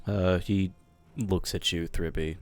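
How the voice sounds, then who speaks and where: A man describing his character's actions in a tabletop game, halting with many fillers. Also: low-pitched, steady tone, a little mellow, faint music behind. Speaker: player.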